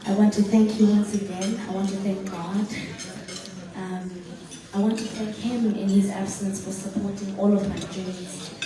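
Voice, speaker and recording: A woman from South Africa giving a slow, heartfelt, emotional acceptance speech. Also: medium pitch, flat delivery. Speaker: award recipient. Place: large event hall. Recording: echoey hall, far from mic, crowd.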